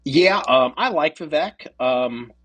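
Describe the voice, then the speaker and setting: Man, podcast co-host, casual political chat, profane, lively intonation, husky voice. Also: on the high side, slow. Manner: profane, animated, mocking voices of others.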